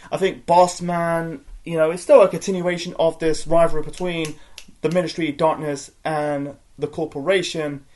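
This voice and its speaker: Guy ranting about old wrestling, kinda high voice, lots of ums and swearing. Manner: rambling, profane, frequent fillers and restarts. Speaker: wrestling reviewer. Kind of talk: casual spoken review.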